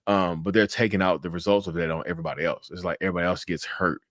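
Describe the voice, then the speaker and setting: A man's voice: very fast, no echo. A man hosting a casual interview, talking loosely with swearing and acting out his reactions in big jumps of voice. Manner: animated, acts out reactions with big pitch jumps and laughs. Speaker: interview host.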